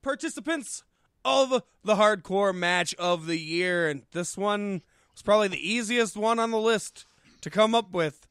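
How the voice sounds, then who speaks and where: A man's voice: high voice, a little slow, fairly bright tone, smooth, no room sound, clean studio sound. A man co-hosting a wrestling podcast, chatting in a laid-back way. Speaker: podcast co-host. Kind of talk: casual chat.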